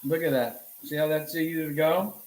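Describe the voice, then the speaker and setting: A man's voice: on the high side, steady tone, normal speed. Man, cooking instructor, casual demo, echoey room, quizzes himself as he goes. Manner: talks to viewers while cooking, asks and answers his own questions. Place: home kitchen.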